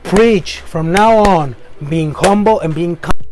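Spanish-accented guy doing a motivational podcast rant, kinda high voice, keeps saying okay?. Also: slow, music in the background. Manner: earnest, rephrases himself often, ends points with "okay?". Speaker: podcast host. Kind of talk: motivational monologue.

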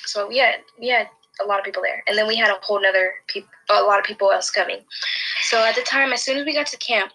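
A woman's voice: mid-range voice, fast talker, pushed and bright, poor audio. A young woman telling a personal story in casual chat, rambling along with lots of restarts and fillers. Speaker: podcast host.

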